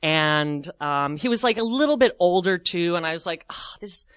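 A man tells a comic story about himself, animated and self-mocking, with many "like" fillers. His voice is bright and forceful, recorded close and dry. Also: high voice, normal speed, clear, resonant tone, no room sound. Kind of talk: comic personal anecdote.

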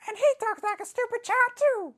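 A woman voicing an angry, boastful male wrestler in a comedy sketch interview, ranting and repeating herself with slow, heavy emphasis. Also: extremely high pitch, pushed and bright.

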